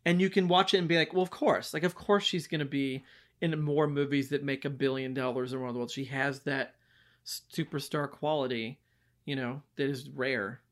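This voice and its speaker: A man co-hosting a casual film podcast, animated and laughing often as he talks about movies. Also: medium pitch, moderate pace. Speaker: podcast co-host. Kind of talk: casual movie review chat.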